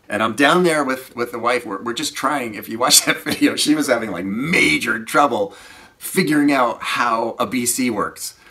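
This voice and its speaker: A man who teaches scuba, telling rambling, animated stories in a casual way that often trails off quietly. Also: medium pitch. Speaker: scuba diving instructor. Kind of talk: casual anecdotal storytelling.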